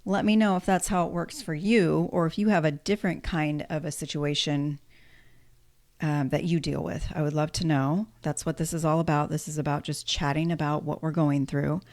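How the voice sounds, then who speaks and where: A woman's voice: low voice, steady tone, normal speed, a little mellow. A woman in her fifties chatting candidly to camera, tired, self-deprecating and sarcastic at times. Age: 50s. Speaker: vlogger. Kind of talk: casual chat to camera.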